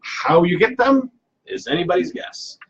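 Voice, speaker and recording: A man's voice: high-pitched, big pitch swings, moderate pace, a bit bright, dull audio, a little hiss or hum. A man hosting a casual live cocktail stream from home, playful and self-mocking, rambling with fillers. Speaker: cocktail show host.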